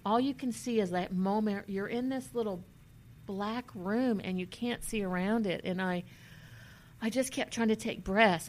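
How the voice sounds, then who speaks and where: A woman earnestly telling a personal story in a halting way, with many restarts, and at times emotional and near tears. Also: mid-range voice, slight background noise. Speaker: vlogger.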